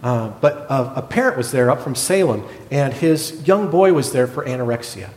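A middle-aged man preaching a sermon, telling a hospital story in a lively way and acting out the other people's lines. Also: moderate pace. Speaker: pastor, former hospital chaplain. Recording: echoey hall with a faint rumble.

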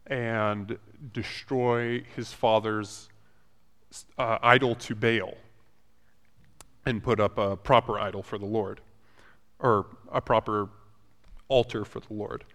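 A man's voice: on the low side, fairly even intonation, a bit bright. Man teaching a Bible story in a reverberant hall. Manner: conversational, retells scripture in paraphrase with halting restarts. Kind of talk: casual Bible lesson.

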